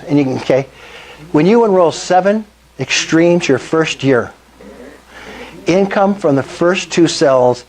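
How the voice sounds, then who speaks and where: An older man giving an enthusiastic sales presentation at a meetup, often asking the audience questions. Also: a little high. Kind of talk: sales presentation to a live group.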